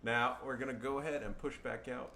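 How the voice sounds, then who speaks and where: A man casually commentating his own gameplay, swearing freely and breaking into loud yells and laughter. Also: medium pitch, fairly even intonation, fairly quick, gravelly, noisy background. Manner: profane, bursts into yelling and laughing. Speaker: gaming commentator. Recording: game sound under commentary. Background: game gunfire and ambience.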